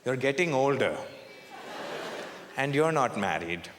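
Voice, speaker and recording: A man's voice: mid-range voice, sing-song, takes it slowly, a bit bright, roomy sound, a little hiss or hum, pitched below the performer's own voice. A man voicing a doting middle-aged Indian mother who coaxes her son to marry, in a heavy put-on Indian accent. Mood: coaxing.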